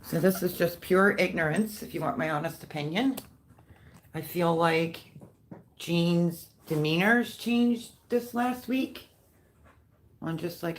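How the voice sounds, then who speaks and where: A middle-aged woman chatting casually on her live stream, rambling about the dogs around her and cooing baby talk at them. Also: fairly low pitch.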